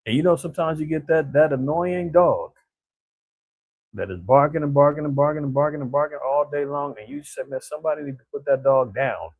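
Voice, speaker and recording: A man delivers a casual preacher's commentary, reading scripture and talking it through in plain colloquial speech. His voice sits a touch high with a husky edge. The recording is dry and close. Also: a little fast, no echo, phone-quality sound. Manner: conversational, colloquial, drops in "man" and "right?".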